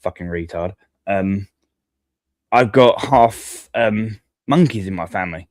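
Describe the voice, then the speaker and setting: Low-voiced man, blunt crude guest in a live chat. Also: slow pace, darkish tone, no echo, studio quality. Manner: blunt and crude, calls people sweetheart and mate.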